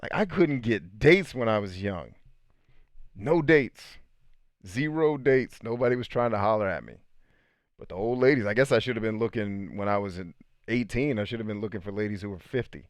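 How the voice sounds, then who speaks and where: Laid-back man with low voice. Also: expressive, a little fast, no echo. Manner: laid-back, storytelling, reading viewer comments aloud. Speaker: host. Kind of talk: casual live stream chat.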